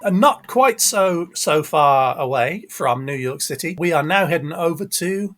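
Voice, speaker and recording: A chatty middle-aged man from England hosts a podcast in an easy, upbeat way. His voice sits a little high for a man. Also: lively intonation, measured pace, fairly bright tone. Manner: chatty, upbeat, self-mocking. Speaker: podcast host. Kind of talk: casual podcast chat.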